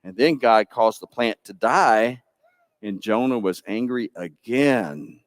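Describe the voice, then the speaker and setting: A man pastor, telling a Bible story to children in church with lively, playful asides. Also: lowish voice, takes it slowly, no echo, studio quality. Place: church sanctuary.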